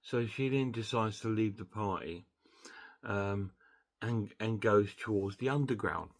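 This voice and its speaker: A man with a fairly low voice talks through a film's plot in a loose, chatty way. He rambles, restarts his sentences and fills gaps with fillers as he goes. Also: measured pace. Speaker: film reviewer. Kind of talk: casual film recap.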